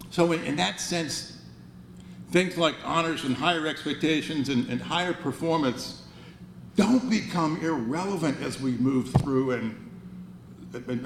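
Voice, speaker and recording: A man's voice: mid-range voice, creaky. Older man giving an earnest banquet speech. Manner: earnest, wry, with frequent restarts. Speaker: banquet speaker. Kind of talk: motivational speech. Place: banquet hall. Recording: roomy hall, faint noise.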